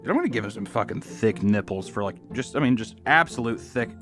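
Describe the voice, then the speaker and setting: A man chatting casually and crudely while he draws, excitable, keeps breaking into squeaky put-on voices. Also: a little fast, few pauses, faint music behind. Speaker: YouTube artist and host. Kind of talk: casual commentary while drawing.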